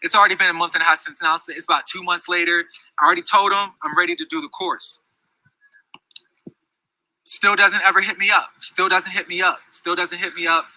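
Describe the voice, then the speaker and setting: A man rambles through a personal story, heated and full of restarts. His voice is fairly high and very bright and sharp. The sound is close and dry, with no room echo. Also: steady tone, fairly quick. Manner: heated, rambling, many restarts and "you know what I'm saying". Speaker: storyteller recounting a dispute. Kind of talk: casual storytelling.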